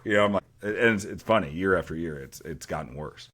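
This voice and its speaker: A man with a deep voice, a teacher co-hosting a casual podcast chat and telling stories with dry sarcasm. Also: a little fast, a bit bright, breathy edge. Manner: dry sarcastic humor, storytelling with acted quotes.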